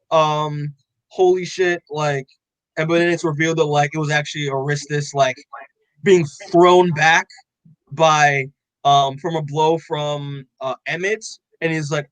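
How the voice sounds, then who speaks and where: A young man co-hosting a podcast, excitedly recapping a comic in loose casual chat, full of "like" and swearing, acting out the characters' lines. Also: fairly high pitch, moderate pace, no echo, rough recording. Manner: excited, loose, heavy on "like" and swearing, acts out quotes. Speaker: podcast co-host.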